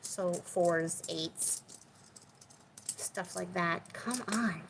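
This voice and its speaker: A woman's voice: lowish voice, extremely slow, creaky, slight background noise, rough recording. A woman hosting a crafting video, chatting casually and with self-deprecating humor as she works in her home craft room. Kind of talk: casual crafting chat while working.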